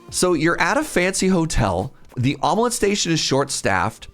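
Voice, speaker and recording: A man from Canada, streamer in casual live-stream chat, telling an animated story and laughing often. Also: a little high.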